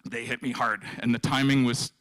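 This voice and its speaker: A man in his fifties telling his own story at a live event, his voice bright and forceful. He stops and restarts, repeating his words as the emotion builds. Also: mid-range voice, fairly even intonation, rough recording. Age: 50s. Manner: halting, repeats himself, emotional. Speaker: guest speaker sharing his story.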